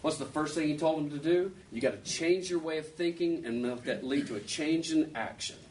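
A man's voice: a little high, a little fast, darkish tone. Male preacher, chatty sermon, rhetorical questions, faint noise behind him. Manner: conversational, asks rhetorical questions. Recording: distant mic with faint background noise.

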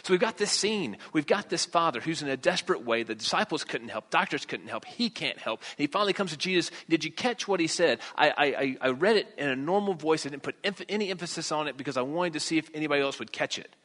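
A man's voice: a little high, lively intonation, fast, few pauses, a bit bright, big-room sound. A man preaching a conversational sermon, reading scripture and asking the listeners rhetorical questions.

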